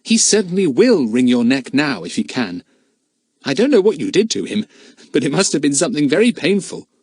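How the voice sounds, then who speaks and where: Man voicing a plucky young boy, much higher than the narration, urgent and defiant, storybook hero. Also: very animated, fairly quick, darkish tone, no echo, studio quality. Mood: relieved. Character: brave young boy, frightened but defiant.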